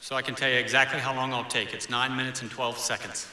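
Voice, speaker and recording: A man's voice: mid-range voice, little pitch movement, fast talker, noisy background. A man giving a prepared speech at an honors event, formal with self-deprecating asides. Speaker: family member accepting an honor. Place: event hall. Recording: roomy echo with faint ambience.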